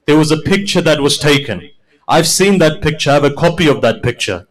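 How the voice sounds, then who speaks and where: A man delivering a mourning sermon, narrating stories with quoted dialogue. He moves from quiet storytelling to a high, loud, wailing climax. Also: lively intonation, fairly quick, low-quality recording. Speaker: preacher.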